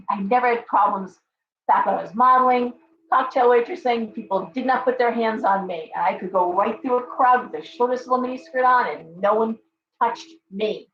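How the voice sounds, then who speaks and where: A woman's voice: mid-range voice, a little hiss or hum. A middle-aged woman hosting a live tarot stream, blunt, profane and scolding as she rants and reads cards. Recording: echoey, dull live-stream audio.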